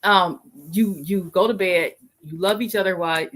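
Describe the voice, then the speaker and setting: A woman's voice: fairly low pitch, steady tone, normal speed, background noise. A woman co-hosting a casual couple's podcast, thinking aloud with many restarts and easy laughter. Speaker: podcast co-host.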